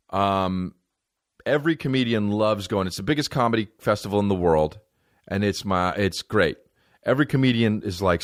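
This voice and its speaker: A podcast host in his thirties rambles through a crude comedic monologue, slipping into high, mocking voices to imitate others. The recording is studio quality with no echo.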